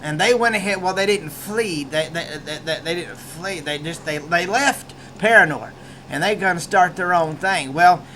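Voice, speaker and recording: A man's voice: sits high, moderate pace, sharp tone, a little hiss or hum. A man with a rural American accent giving a casual book review, rambling with many restarts.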